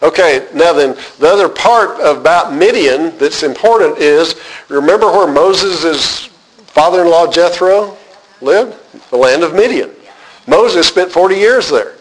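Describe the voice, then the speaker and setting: Higher-voiced man teaching a Bible class. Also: expressive, breathy edge, low-quality recording. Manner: unhurried, reads scripture aloud then explains with many "uh" pauses; asks the class questions.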